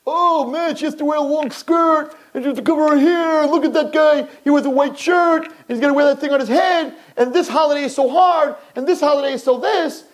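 A man voicing mocking onlookers who scoff at religious Jews, in a high, sing-song listing tone. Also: brisk, few pauses.

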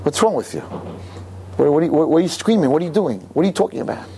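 A man's voice: a little high, animated, quick pace, gravelly, dark tone, slight background noise. A man voicing an exasperated French woman tour guide who scolds tourists. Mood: indignant. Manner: indignant, sputtering.

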